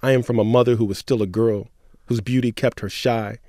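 A man co-hosting a radio show who chats and reads community poetry in an earnest, measured way. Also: mid-range voice, fairly even intonation, warm tone, no echo, clean studio sound. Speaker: radio co-host. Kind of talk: radio chat and poetry reading.

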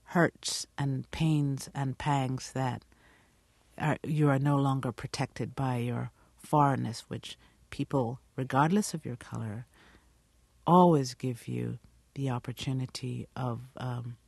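A woman's voice: rumbling low, vocal fry, a little mellow, breathy edge, dry recording. Thoughtful British-accented middle-aged woman, dry sound. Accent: British English. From Guyana. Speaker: actress, interview guest. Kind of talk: radio interview.

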